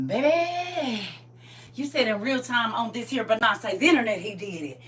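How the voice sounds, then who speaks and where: A woman pastor talking casually on a live stream about faith, swinging from loud exclamations to hushed asides. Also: on the high side, expressive, unhurried, distant mic, a little hiss or hum.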